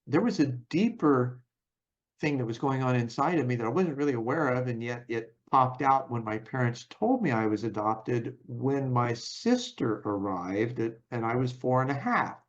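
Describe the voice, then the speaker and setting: A man speaks in an ordinary mid-range voice, telling his own story in a reflective, unhurried way. He often pauses to find the right words. The audio is a little dull and lo-fi. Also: medium pitch, lively intonation. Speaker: podcast host.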